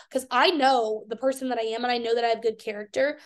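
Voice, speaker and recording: Young woman guest, high voice, blunt and profane, animated storyteller. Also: fast talker, few pauses. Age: 20s. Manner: blunt, swears freely, animated retelling. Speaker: guest, fitness athlete. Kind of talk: candid interview talk.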